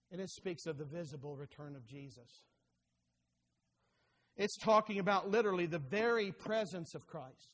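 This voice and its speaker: A male pastor preaching a sermon, rising to fervent urging and dropping low and quiet. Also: long reverb tail.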